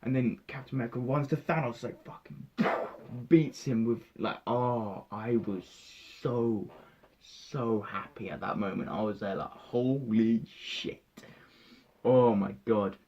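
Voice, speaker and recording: A young man recounting a film in excited casual talk, swearing freely and acting out his own reactions. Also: medium pitch, a little slow, slightly rough, muffled recording. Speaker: vlogger reviewing a film.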